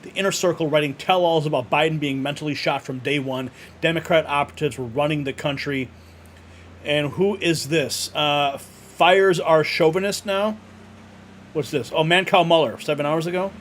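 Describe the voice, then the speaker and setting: A man hosting a live news commentary show, reading posts aloud and reacting with excitement. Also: a little high, normal speed, a little hiss or hum. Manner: excited, laughs often, reads posts aloud. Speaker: host.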